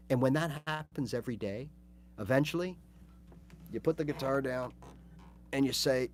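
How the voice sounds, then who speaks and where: A man hosting a casual livestream guitar lesson, chatty and animated, acting out little scenes as he talks. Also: mid-range voice, fairly quick, long pauses, a little hiss or hum. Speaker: guitar teacher.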